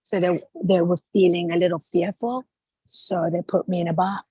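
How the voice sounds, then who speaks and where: A woman podcast host speaking earnestly and reflectively about her feelings in a relaxed conversation. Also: on the low side, normal speed, husky, no echo, low-quality recording.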